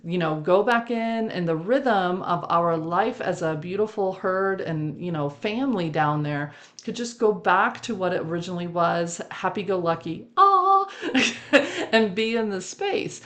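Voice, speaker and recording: A woman with a fairly low voice hosts a reflective spiritual talk. She tells a personal story at length and laughs often between her phrases. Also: normal speed. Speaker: podcast host.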